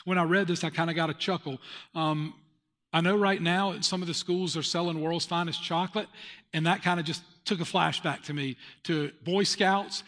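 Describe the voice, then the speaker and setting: Male pastor, sermon, confessional storyteller, emphatic, slightly high voice, long reverb. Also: fairly bright tone.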